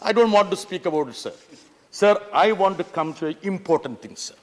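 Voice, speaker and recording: A man giving an impassioned parliamentary speech, often pleading "sir" and sometimes shouting. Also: high-pitched, lively intonation, fairly quick. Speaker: member of parliament. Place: large parliament chamber. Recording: long reverb of a large chamber.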